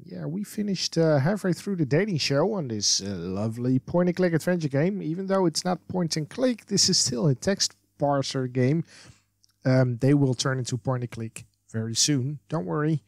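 A man's voice: a little high, expressive, moderate pace, gravelly, a little mellow, dry recording, clean studio sound. A man hosting a casual let's play, chatting and reading along with lots of fillers and laughs. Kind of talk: casual game commentary and reading.

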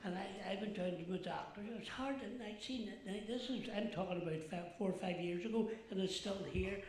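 A man's voice: high voice, a little fast, darkish tone. A man playing a chatty, gossipy older Northern Irish woman, rambling through a comic monologue with asides to the audience. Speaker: comic stage performer. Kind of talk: stand-up style comic monologue in character. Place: large theatre stage. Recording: echoey theatre with audience noise.

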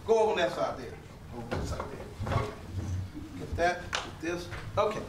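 An older man, performing as a potter and telling lively, laughing stories to a live audience. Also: on the high side, normal speed, noisy background. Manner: animated, laughing storyteller with repeated phrases. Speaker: living history performer and potter. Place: museum hall with an audience. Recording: roomy hall, voice from a distance.

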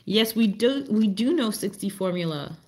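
A woman's voice: animated, normal speed, a little mellow. A woman hosting a casual live stream with her dog, chatting to viewers and talking to the dog in a playful, sing-song voice. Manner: baby-talks to her dog, swings up high and playful; answers chat viewers with fillers and restarts.

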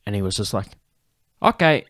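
A man's voice: fairly low pitch, lively intonation, normal speed, no room sound, studio quality. A man hosting a podcast, telling a story in casual chat, swearing and laughing, and acting out quotes. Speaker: podcast host.

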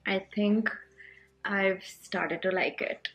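A young woman in her twenties with an Indian English accent chats in a relaxed, rambling vlog. She speaks at a mid-range pitch, often pausing on fillers as she talks. Soft music plays faintly behind her. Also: breathy edge. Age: 20s. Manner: chatty and rambling, with many fillers. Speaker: vlogger. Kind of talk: casual vlog chat.

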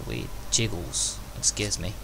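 A man's voice: sits low, normal speed, vocal fry, background noise. A young man hosting a gaming channel, chatting to himself as he plays, with sudden yelps and exclamations. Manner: excitable, talks to himself, frequent yelps. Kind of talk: let's play commentary.

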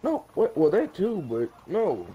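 A man's voice: high-pitched, huge pitch swings, unhurried, mellow, lo-fi sound, slight background noise. A man chatting casually while playing a game online with a friend, laid-back and explaining things, with some cussing. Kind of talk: casual gaming chat.

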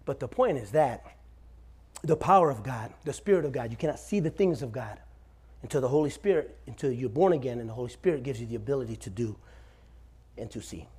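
A man's voice: medium pitch, expressive, brisk, a little mellow, husky. A man in his forties preaching a sermon in a church, telling stories with humor and calling out "Amen?" to his congregation. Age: 40s. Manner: storytelling with humor, calls out "Amen?" to the room. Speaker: pastor. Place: church sanctuary.

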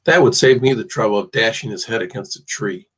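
A man's voice: lowish voice, a little fast, husky. A man voicing a cruel young male slaveholder who talks in a mocking, ominous drawl. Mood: menacing drawl.

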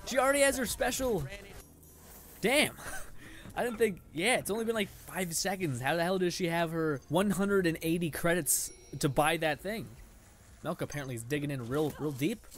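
Young guy narrating his game, kinda high voice, sarcastic, swears a lot, faint hum behind. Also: normal speed, a bit bright. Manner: frustrated, sarcastic, swears often, laughs a lot. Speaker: gaming channel host. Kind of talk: live gameplay commentary.

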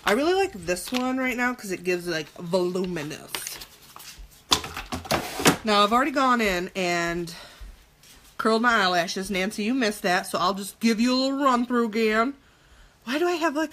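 A woman in her thirties chatting through a casual live makeup tutorial, jokey and quick to swear. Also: medium pitch, fairly bright tone, slight background noise. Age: 30s.

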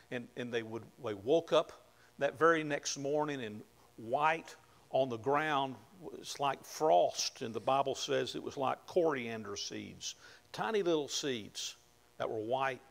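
A man preaching a conversational sermon, often dropping to a hushed tone and rising to emphatic points. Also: medium pitch, creaky. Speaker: pastor.

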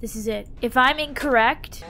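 A woman's voice: on the high side, normal speed, over loud music. A young woman commentating her own horror game playthrough, dramatic and jokey, shrieking when startled. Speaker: gaming YouTuber. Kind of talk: let's play commentary.

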